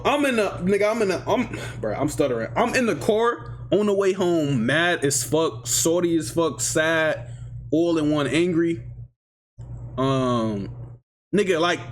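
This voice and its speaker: Slangy animated young man telling a story. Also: on the high side, breathy edge. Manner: slangy, animated, swings between loud and mumbled. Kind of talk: casual storytime vlog.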